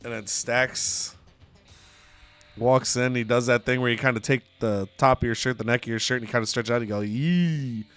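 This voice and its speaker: Bright, playful male game narrator. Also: medium pitch, brisk, smooth, soft background music. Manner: animated, playful recap. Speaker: video game storyteller. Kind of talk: casual narration of a game season.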